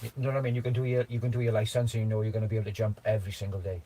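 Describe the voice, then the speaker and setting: A man's voice: lowish voice, flat delivery, very fast, dark tone. A man hosting a casual livestream chat, rambling with lots of restarts, laughing and swearing as he talks. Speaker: livestream host.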